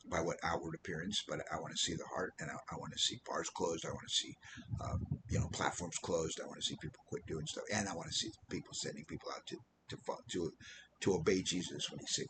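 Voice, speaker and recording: A man's voice: deep voice, fairly even intonation, quick pace, background noise. A man preaching an informal sermon as a missionary, rambling and losing his train of thought now and then. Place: Philippines.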